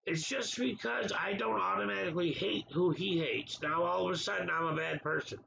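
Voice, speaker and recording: A man's voice: high voice, brisk, creaky, bright, forceful tone, highs cut off, a little hiss or hum. A man hosting a casual livestream, talking back to viewers in the chat by name in an exasperated way. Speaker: livestream host.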